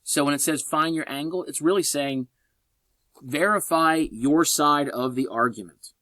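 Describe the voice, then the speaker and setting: A man teaching a college English class in a recorded lecture, lively and chatty, with sarcastic joking asides. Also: a little high, measured pace, no room sound.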